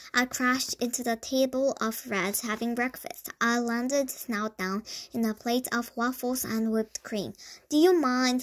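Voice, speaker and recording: A woman reading a children's book aloud, in a lively storytelling manner with small stumbles. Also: fairly high pitch. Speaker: storybook reader.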